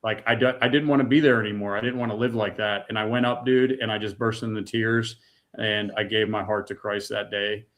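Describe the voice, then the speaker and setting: A man's voice: fairly low pitch, steady tone, a little fast, a bit bright. A middle-aged man from the United States giving an emotional personal testimony, earnest and raw, repeating words when moved. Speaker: guest.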